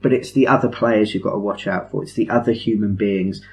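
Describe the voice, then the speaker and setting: A man chats on a podcast in a lowish voice. He explains things with eager enthusiasm, rambles, and keeps adding self-mocking asides. His casual talk sounds like a conversation among friends. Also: fairly even intonation, fairly quick, a little mellow. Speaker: podcast host.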